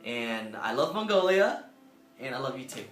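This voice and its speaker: A young man who served as a Peace Corps volunteer tells a personal story to camera in an earnest, emotional way, jumping up in pitch to act out the people he quotes. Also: sing-song, normal speed, a bit bright, reverberant, faint music behind.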